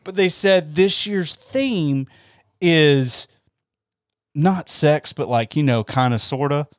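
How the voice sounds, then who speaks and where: A man's voice: on the high side, slow, no room sound, studio quality. A man from Northeast Georgia, co-hosting a podcast and telling stories with frequent laughs and stumbles. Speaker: podcast co-host. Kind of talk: casual chat.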